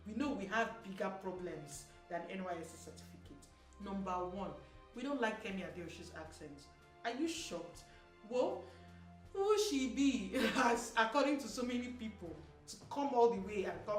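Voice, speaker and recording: A Nigerian woman giving sassy, animated opinion commentary as a vlogger, slipping into Pidgin. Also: a little high, moderate pace. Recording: roomy echo, mic at a distance, soft music.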